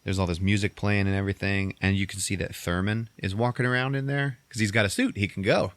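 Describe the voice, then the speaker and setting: Male podcast host, deep voice, dry sound, animated profane storyteller. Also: fast talker, no room sound. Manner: animated storytelling, swearing, acting out characters in squeaky voices. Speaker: podcast host recapping a movie. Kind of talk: casual chat.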